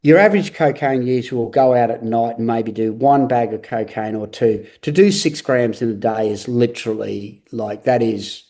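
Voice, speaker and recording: A middle-aged man from Australia, a guest on a talk show, telling his story in an earnest, halting way with frequent restarts. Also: mid-range voice, dark tone. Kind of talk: candid interview talk.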